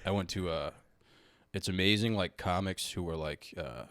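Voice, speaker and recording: A man's voice: low-pitched, moderate pace, fairly bright tone, dry recording, clean studio sound. A young man, a stand-up comic guest on a casual podcast, talking in a laid-back, mumbly way. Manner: laid-back, mumbly, says "dude" often. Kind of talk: casual comedy podcast chat.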